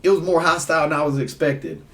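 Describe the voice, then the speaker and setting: A man, a podcast guest telling stories in casual chat, animated and acting out the people he quotes. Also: a little high, fast talker, recorded from a distance. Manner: animated, laughing storyteller who acts out voices. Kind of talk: casual storytelling.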